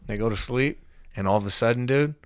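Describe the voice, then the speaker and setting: A man's voice: mid-range voice, brisk, smooth, dry recording, studio quality. A young man hosting a podcast, retelling a spooky story in casual, profane slang. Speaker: podcast host.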